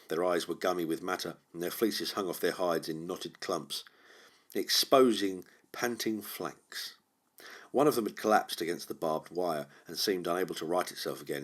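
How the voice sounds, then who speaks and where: A man narrating a horror audiobook in a measured, brooding way. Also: low-pitched. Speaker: audiobook reader.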